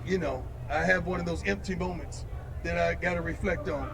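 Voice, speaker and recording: A man's voice: a little high, a little fast, gravelly, noisy background. A man who is a head football coach speaking at a post-game press conference, boastful and confrontational, repeating lines for emphasis.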